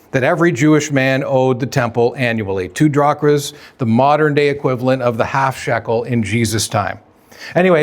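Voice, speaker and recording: A man preaching a sermon as pastor, conversational, asking the congregation questions and acting out quoted dialogue. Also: fairly high pitch.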